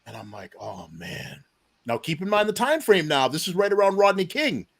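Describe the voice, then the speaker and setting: A man's voice: high voice, sing-song, brisk, fairly bright tone. A man in his forties telling a long personal story in an interview, acting out the voices of the people in it. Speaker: deputy police chief, podcast guest.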